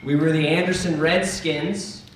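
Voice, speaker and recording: A young man doing a stand-up comedy set on a club stage, sardonic and animated, jumping into voices. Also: on the high side, measured pace, far from the mic, slight background noise. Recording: echoey club with crowd laughter. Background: crowd laughter.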